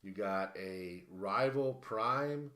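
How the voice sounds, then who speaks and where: Rambling man with a low voice. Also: drawn-out words, sharp tone, echoey room. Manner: rambling, many fillers and restarts. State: out of breath. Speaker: livestream host. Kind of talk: casual live-stream card rundown.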